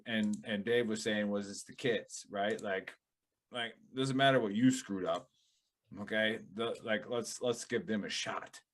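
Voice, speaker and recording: A man with a Wisconsin accent hosting a casual chat show, rambling and animated with lots of fillers. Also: medium pitch. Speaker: podcast host.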